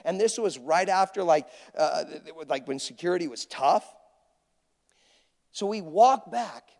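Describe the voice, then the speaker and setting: A man's voice: a little high, animated, a little slow, darkish tone. A male preacher telling stories in a conversational, anecdotal sermon. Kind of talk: sermon storytelling. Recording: long reverb of a large hall.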